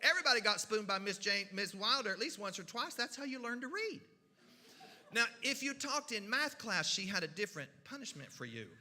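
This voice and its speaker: A storyteller from the mountains, telling a funny story in a folksy, animated way, with sound effects and voices. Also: male voice, high-pitched, brisk. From Kentucky mountains. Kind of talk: humorous storytelling. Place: church hall. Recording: reverberant hall.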